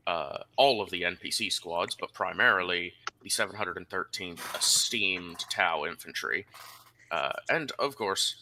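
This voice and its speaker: Male game master, deep and punchy, theatrical announcer-style narration. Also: bright, forceful tone. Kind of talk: narrating a tabletop wargame campaign.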